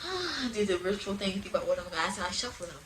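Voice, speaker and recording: A young woman casually telling her personal testimony into a phone, animated and prone to sudden loud outbursts, with uneven volume. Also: medium pitch, very fast, slight background noise, low-quality recording. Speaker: person giving a religious testimony.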